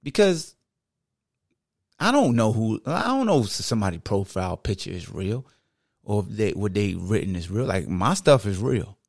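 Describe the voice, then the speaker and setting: A male podcast host talks straight into his microphone in a relaxed, conversational way. His voice sits low and gravelly. He often breaks into the voices of fans as he quotes them, and the sound is close and dry. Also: moderate pace, no room sound. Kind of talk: casual podcast talk.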